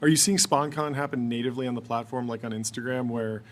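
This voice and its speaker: A man with a mid-pitched voice co-hosts a casual tech podcast. He asks long, rambling questions and jumps in often with quick agreement. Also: level tone, a little hiss or hum. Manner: eager, lots of quick agreement. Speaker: podcast co-host.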